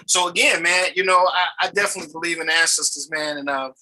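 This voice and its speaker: A man who is a pastor, talking casually and in a lively, preacherly way on a video call. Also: fairly high pitch, fast, poor audio. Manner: animated, preacherly, repeats "you know what I'm saying". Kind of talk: casual chat.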